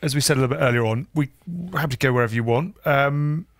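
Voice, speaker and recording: A man's voice: medium pitch, fast talker, gravelly, no room sound, clean studio sound. A man hosting a podcast interview who leads the guest with questions. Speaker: podcast host.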